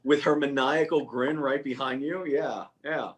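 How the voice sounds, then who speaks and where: Brief: male guest on a video call, deadpan jokes, rambling. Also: mid-range voice, measured pace. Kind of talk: casual video-call chat.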